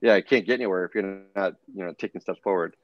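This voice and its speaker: A middle-aged man, a podcast guest, telling a personal story in an earnest, animated way, often restarting his sentences. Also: sits low, fast talker, dry recording, muffled recording. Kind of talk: casual storytelling interview.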